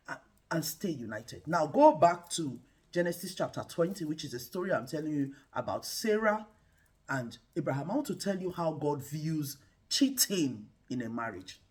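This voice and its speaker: A woman's voice: deep voice, lively intonation, normal speed, warm tone, breathy edge. A woman hosting a show, giving faith-based relationship advice in a preacher-like way and calling viewers guys. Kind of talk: preaching-style relationship talk.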